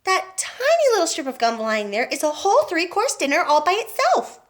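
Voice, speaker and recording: A woman voicing an eccentric, boastful male candy inventor in a storybook reading, in an excited and proud tone. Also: extremely high pitch, moderate pace, pitched above the performer's own voice, heavily acted.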